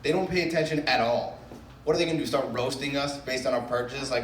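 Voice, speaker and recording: A stand-up comedian from the Boston area works a club crowd with loose, self-mocking riffs. His voice sits at a middle pitch and is picked up from some distance. The room is echoey, with a faint buzz of ambience behind him. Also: steady tone, fast, slight background noise. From Brookline, Massachusetts.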